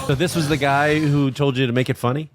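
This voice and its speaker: A man co-hosting a podcast in a casual chat, throwing in quick joking asides. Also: a little high, fairly even intonation, over music. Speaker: podcast co-host.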